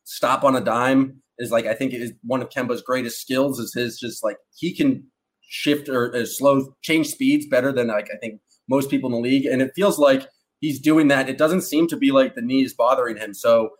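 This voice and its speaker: A man's voice: medium pitch, fairly even intonation, moderate pace. A man co-hosting a sports podcast, chatting loosely and joking, with fillers and trailing sentences. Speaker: podcast co-host. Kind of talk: casual sports podcast chat.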